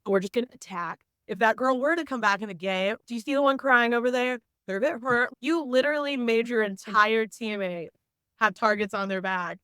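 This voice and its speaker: A woman's voice: fairly high pitch, brisk, sharp tone, smooth, no room sound. A young woman, a teacher and coach, chatting candidly as a podcast guest and telling stories with lots of "like.". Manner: candid, storytelling, frequent "like". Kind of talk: casual podcast chat.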